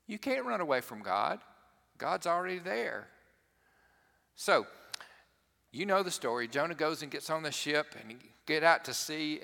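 A male pastor preaches in a folksy, conversational way and often turns to the congregation with asides. His voice is bright and forceful. It rings out through a church sanctuary with a long reverb, as on a service broadcast. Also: mid-range voice. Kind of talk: sermon. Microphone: worship service broadcast mic.

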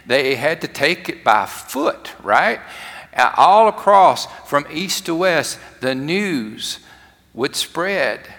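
Man, preacher, sermon, dramatic swings from loud to hushed, bright tense voice, echo of a large hall. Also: on the high side, big pitch swings, takes it slowly. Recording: long hall reverb.

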